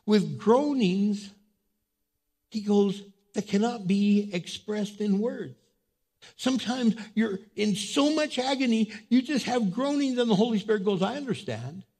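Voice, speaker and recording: A man preaching a sermon, emphatic and dramatic, acting out voices of troubled people as he goes. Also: high voice. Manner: emphatic, swings from loud to hushed; acts out voices of people and God. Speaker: pastor. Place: church.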